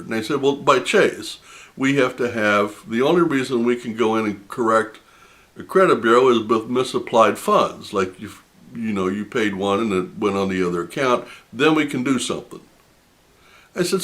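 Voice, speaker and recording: A man's voice: medium pitch, fairly bright tone. A man hosting a personal finance channel, telling a story to camera in an indignant, emphatic way and laughing in disbelief. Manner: indignant, retelling a phone argument with heavy emphasis.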